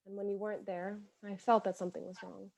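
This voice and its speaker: A woman's voice: mid-range voice, flat delivery, quick pace, creaky, heavy background noise, lightly acted. A woman reading the letters of a young woman from 1918, earnest and imploring, with a lovesick, pleading tone. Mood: heartbroken. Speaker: reader of historical letters.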